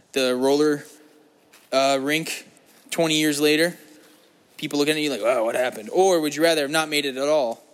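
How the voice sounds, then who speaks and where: A man's voice: medium pitch, a bit bright. A young man hosting a vlog, talking in a rambling, casual monologue with lots of swearing and jokes that wander off topic. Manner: crude, profane and jokey, wandering off topic. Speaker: vlog host.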